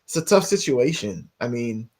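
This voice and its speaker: A man on a talk show, talking in halting casual chat and restarting his thoughts. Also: medium pitch, very animated, a crowd in the background.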